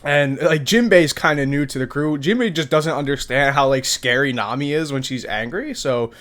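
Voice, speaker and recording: A young man in his twenties with a slightly higher voice than most men. He rambles through a manga chapter review in loose, slangy chat, tossing in casual swears and quick impressions of characters. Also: fairly bright tone. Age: 20s. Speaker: anime review vlogger.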